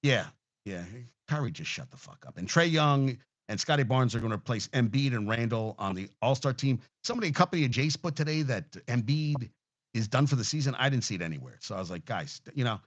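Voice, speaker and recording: This sports talk show host is animated and brisk, his mid-range voice captured on dull audio. He rants casually and heatedly, full of profanity, rambling with many restarts.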